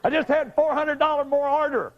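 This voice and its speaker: A man's voice: very high-pitched, steady tone, fairly quick, highs cut off, voice pushed up. A man voicing a gleeful, scheming male water seller who mocks his customers. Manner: cackling, mocking.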